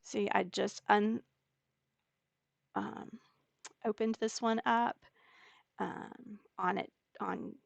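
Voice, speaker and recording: Woman, unhurried, step-by-step tutorial narration, mid pitch. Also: fairly even intonation, creaky, highs cut off, a little hiss or hum. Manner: slow, step-by-step explaining with fillers. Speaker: digital scrapbooking tutor. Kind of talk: screen-recorded software tutorial.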